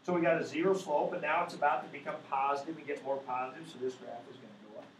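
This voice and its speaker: A man's voice: a little high, steady tone, quick pace. A man teaching a math class, walking patiently through each step and checking in with the students again and again. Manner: keeps checking in with students by asking "right?". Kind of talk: classroom lecture. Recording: echoey classroom with faint background noise.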